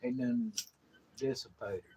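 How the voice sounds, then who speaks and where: A man's voice: slow pace, crowd noise, rough recording. An older man co-hosting a casual live stream, rambling easily and reading out viewer names.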